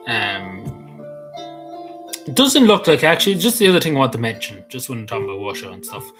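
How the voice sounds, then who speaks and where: A man's voice: lowish voice, sing-song, quick pace, fairly bright tone, soft background music, poor audio. A man with an Irish accent vlogging in a casual, rambling way, full of ums, restarts and offhand swearing.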